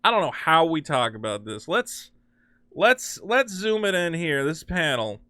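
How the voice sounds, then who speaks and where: A man's voice: a little high, sing-song, unhurried, bright, forceful tone, no echo, clean studio sound. A man hosting a comic-book commentary, ranting in an incredulous, sarcastic and exasperated way. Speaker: host.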